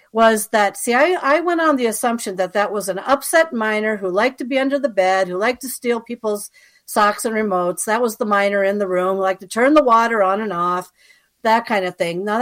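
A woman guest recounts her own experiences in a chatty, conversational way, full of fillers and asides. She keeps turning to the listener to check they are following. Her voice sits at an ordinary middle pitch. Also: lively intonation, normal speed. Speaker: interview guest. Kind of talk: personal storytelling.

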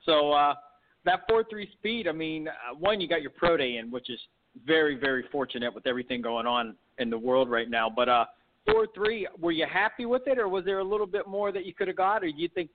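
A man's voice: fairly high pitch, fairly quick. A man hosting a sports interview show, asking rambling, enthusiastic questions. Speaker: podcast host. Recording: tinny phone line.

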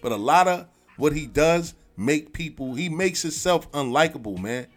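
A man's voice: fairly high pitch, expressive, moderate pace. A man in a casual sports debate, arguing his point emphatically and repeating himself. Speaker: sports talk co-host.

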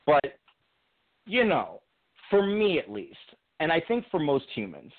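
A young man telling a personal story on a call to a radio show, thinking out loud with many restarts. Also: a little high, huge pitch swings, a little slow. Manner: reflective, earnest, many restarts and fillers. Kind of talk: casual conversational storytelling. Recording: tinny phone-line sound.

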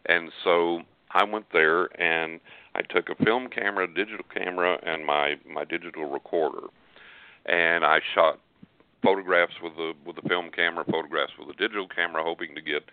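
Give me an older man with a deep voice, rambling through a story over a dry, phone-quality line. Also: clear, resonant tone, dry recording. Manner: earnest, rambling, with frequent restarts and fillers. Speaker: radio guest psychic. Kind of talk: casual storytelling on a call-in show.

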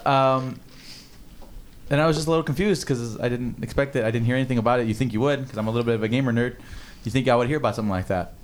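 A man's voice: mid-range voice, very fast. A young man hosting a casual podcast, rambling and swearing with lots of fillers. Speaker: podcast host. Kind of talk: casual chat.

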